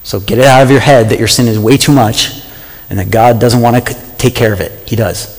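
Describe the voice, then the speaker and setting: A man preaching a sermon, passionate and animated, often asking his listeners questions. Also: mid-range voice, fairly quick, big-room sound, rough recording.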